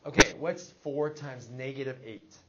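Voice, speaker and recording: A man's voice: medium pitch, normal speed, dull audio, heavy background noise. A man teaching a math class, leading with questions and checking in with his students. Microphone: classroom recording device.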